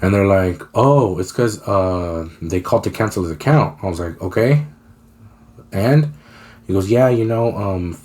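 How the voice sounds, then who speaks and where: A man's voice: deep voice, a little mellow. A young man co-hosting a podcast, telling a story in casual, slangy, profane talk. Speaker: podcast co-host.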